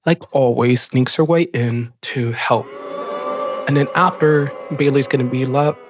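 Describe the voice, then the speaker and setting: A man hosting a casual recap show, talking in an excited, rambling way full of "like" fillers. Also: medium pitch, measured pace, background noise. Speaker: show host. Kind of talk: casual wrestling episode recap.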